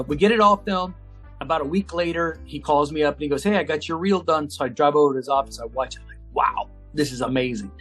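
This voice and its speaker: Interview guest, male, husky tone, energetic anecdote teller who voices the people he quotes. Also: on the high side. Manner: acts out phone calls in quoted voices, lively and fast-paced. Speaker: guest, auctioneer and TV personality. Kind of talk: animated storytelling in an interview.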